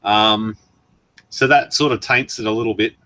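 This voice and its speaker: A man's voice: on the low side, steady tone, moderate pace, sharp tone, dry recording. An Australian man hosting a casual live stream, reading out viewer messages in a chatty way with frequent laughs and ums, his throat worn from long talking. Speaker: livestream host.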